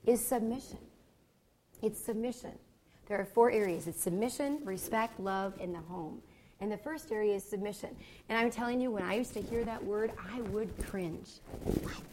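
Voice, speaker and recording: A woman with a medium-pitched, darkish voice gives a teaching talk to married couples at a seminar, with slight background noise. Gregarious and a bit goofy, she keeps checking in with the audience by asking "okay?".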